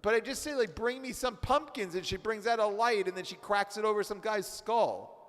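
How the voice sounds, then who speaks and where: A man's voice: high voice, a little fast, fairly bright tone, voice pushed up. A man playing an exasperated, complaining husband who has newly arrived from Babylon, in a role-play during a text study. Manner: complaining, full of asides. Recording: reverberant hall.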